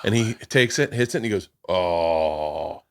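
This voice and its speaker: A man's voice: medium pitch, quick pace, no echo, clean studio sound. Rambling, swearing man telling stories. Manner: rambling storytelling, acts out quotes, swears freely. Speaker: podcast host. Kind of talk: casual chat.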